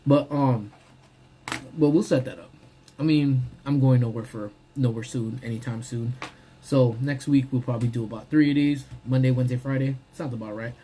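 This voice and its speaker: A man casually chatting on a live stream from his parked car during lunch, slangy and relaxed, greeting viewers as he eats. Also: mid-range voice, moderate pace, slight background noise. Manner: laid-back, slangy, greets viewers by name. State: talking while eating.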